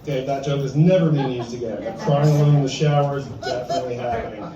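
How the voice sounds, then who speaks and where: A man's voice: mid-range voice, steady tone, fast, over a noisy crowd. A man in his fifties doing a stand-up set at an open mic in a bar-restaurant, self-deprecating and chuckling at his own jokes. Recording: echoey room, distant and dull.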